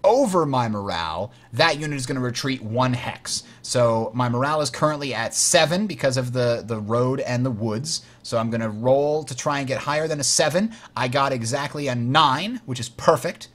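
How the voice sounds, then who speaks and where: A man's voice: mid-range voice, lively intonation, normal speed, hardly any pauses, a bit bright. A man hosting a game tutorial, explaining rules step by step while playing, correcting himself with frequent fillers. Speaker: host teaching a board game.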